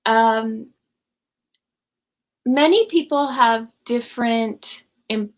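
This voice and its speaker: A woman's voice: fairly high pitch, very slow. Woman answering parents' questions. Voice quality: friendly, conversational, explains with example phrases. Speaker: parenting coach. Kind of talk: live parent Q&A. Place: at home.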